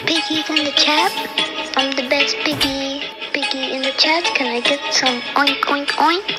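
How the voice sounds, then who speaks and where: A woman's voice: sits high, fairly even intonation, unhurried. A woman voicing a cheerful, boastful little pig in a sing-song novelty song clip. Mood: singsong. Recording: song clip with loud music.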